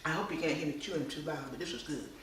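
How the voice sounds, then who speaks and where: Cast: woman, cooking host, lowish voice, humming and half whispering, recorded off-mic in a booming room. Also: fast, a bit bright, recorded from a distance, a little hiss or hum. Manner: drifts into whispering, savoring hums. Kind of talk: casual cooking demo, tasting on camera. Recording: echoey room, voice away from mic.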